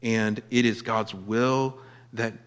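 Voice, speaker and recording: A man preaching a sermon, emphatic, swinging from loud declarations to quiet asides. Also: fairly low pitch, steady tone, takes it slowly, smooth. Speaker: pastor. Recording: long hall reverb.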